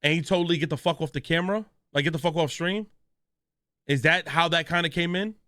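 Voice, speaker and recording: A man's voice: a little high, fairly quick, sharp tone, no room sound. Male streamer, casual reaction chat, dry close sound, keeps quizzing viewers. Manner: asks questions, reads chat names aloud.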